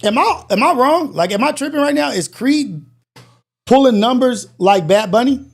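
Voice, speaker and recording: A man's voice: extremely high pitch, lively intonation, moderate pace, vocal fry. A man hosting a live call-in show, ranting in a blunt, incredulous way and swearing freely.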